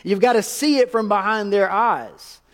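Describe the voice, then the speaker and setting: High-voiced preacher in a reverberant church. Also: male voice, normal speed. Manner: animated preaching, rhetorical questions to the congregation. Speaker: pastor. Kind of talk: sermon. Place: church sanctuary.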